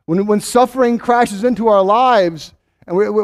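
A male pastor preaching a sermon, animated, often acting out the voices of doubters with repeated restarts. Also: high voice, normal speed, dry recording, studio quality.

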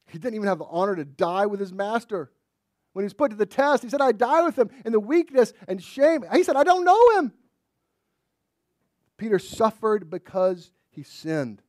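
A man preaching a sermon in a dramatic way, dropping to a hush and then rising to loud emphasis. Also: high-pitched, no echo, clean studio sound.

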